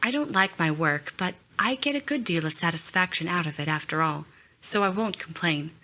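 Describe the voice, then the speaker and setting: A woman's voice: on the low side, lively intonation, normal speed, pushed and bright. A woman voicing a bashful, sincere young governess in an audiobook, with a shy manner.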